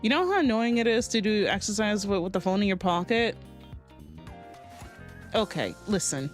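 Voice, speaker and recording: A woman streamer reading a game aloud with giggly, animated commentary. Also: medium pitch, moderate pace, faint music behind.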